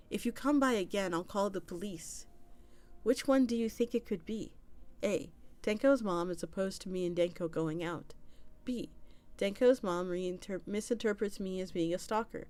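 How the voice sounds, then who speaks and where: A woman streamer reading forum posts aloud in an unfussy, casual manner. Her voice sits at a middle pitch, and she trips over a word now and then before carrying on. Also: normal speed, a little mellow. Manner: plain reading with small slips and restarts. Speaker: streamer reading an internet story.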